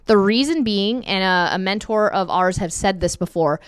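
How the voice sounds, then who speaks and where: Brief: woman sales trainer on a video call, smooth clear voice, casual coaching tone. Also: medium pitch, moderate pace, no room sound, clean studio sound. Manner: upbeat and conversational, acts out sample calls. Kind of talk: screen-share training session.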